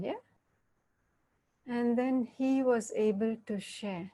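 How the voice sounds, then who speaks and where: A woman giving a reflective interactive talk, speaking gently and often checking in with her listeners. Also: fairly high pitch. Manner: slow, gentle, checks in with "yeah?".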